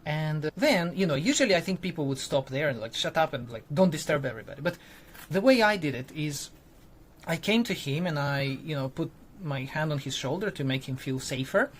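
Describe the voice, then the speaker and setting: A man's voice: on the high side, animated, brisk. Conversational male teacher telling a story. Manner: loose and conversational, many fillers, acts out quoted lines. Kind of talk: casual storytelling to camera.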